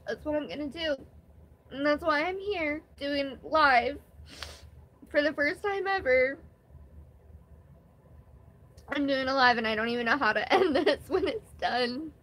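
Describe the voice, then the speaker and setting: A woman's voice: sits high, animated, normal speed, fairly bright tone. A young woman vlogger talking candidly in a rambling, emotional way during her first live stream. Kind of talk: casual live-stream chat.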